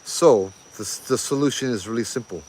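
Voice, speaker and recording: A man with a Hawaiian Pidgin accent, casually telling ghost legends with lively, laughing asides. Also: medium pitch, moderate pace, slight background noise. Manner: animated, laughing, pidgin phrasing. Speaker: ghost story host. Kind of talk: casual storytelling.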